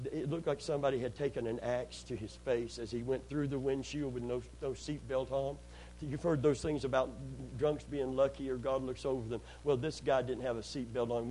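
A man's voice: mid-range voice, dark tone, a little hiss or hum, poor audio. A man preaching a sermon, telling a personal story earnestly, repeating phrases and calling out amen.

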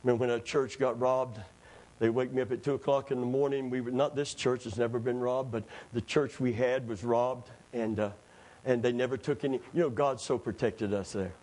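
A middle-aged man, preaching as a pastor in a church, telling stories in an animated way, acting out quoted voices and laughing at his own stories. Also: mid-range voice, a little fast. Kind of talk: storytelling sermon.

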